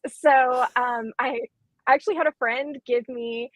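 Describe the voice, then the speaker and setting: A woman's voice: high voice, steady tone, unhurried, dry recording, low-quality recording. Chatty, enthusiastic woman bookseller. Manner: chatty and enthusiastic, lots of fillers and laughs. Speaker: bookseller co-host. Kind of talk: casual live-stream chat.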